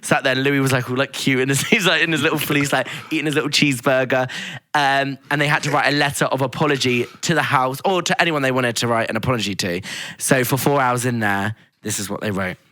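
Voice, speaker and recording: A man's voice: medium pitch, fast, sharp tone, dry recording, studio quality. A young man telling stories as a podcast guest, chatty and giggly, with plenty of fillers. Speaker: guest actor. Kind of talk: casual podcast chat.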